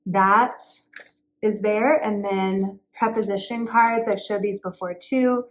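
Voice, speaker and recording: A woman homeschool tutor chattily explaining classroom games and activities, now and then singing short learning songs. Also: medium pitch.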